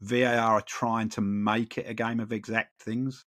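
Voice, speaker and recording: A man's voice: fairly low pitch, level tone, normal speed, a bit bright. A man co-hosting a football podcast, talking in rambling casual chat full of repeats and "you know". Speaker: podcast co-host.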